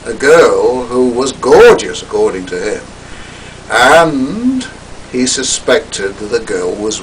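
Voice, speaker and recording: An older man giving a talk, recounting a personal story in a theatrical, wry way that drops to hushed asides. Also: lowish voice, recorded from a distance, slight background noise, poor audio.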